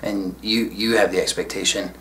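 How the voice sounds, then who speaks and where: Male spiritual teacher, lowish voice, reflective unhurried solo talk, faint hum behind. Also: fairly even intonation, a bit bright. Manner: reflective, unhurried, casual asides.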